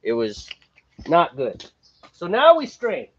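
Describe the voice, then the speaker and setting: A man's voice: fairly high pitch, wildly swooping pitch, slow pace, slightly rough, dull audio. A man co-hosting a homebrew stream, chatting casually and joking while he brews. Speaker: homebrew show co-host. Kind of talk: casual chat while brewing on a live stream.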